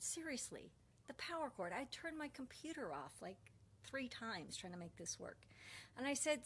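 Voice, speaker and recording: Chatty woman telling a story live. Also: mid-range voice. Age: middle-aged. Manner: chatty storytelling, acting out both sides of a dialogue. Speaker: host of a live online show. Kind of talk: casual live-stream talk.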